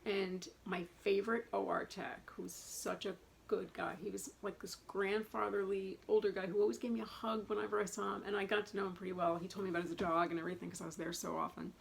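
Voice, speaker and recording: A woman's voice: medium pitch, level tone, fast, vocal fry, hardly any pauses, low-quality recording. A middle-aged woman talking casually and at length in a personal vlog, rambling and chatty. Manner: chatty, rambling, self-described talker. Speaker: vlogger. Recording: faint background noise.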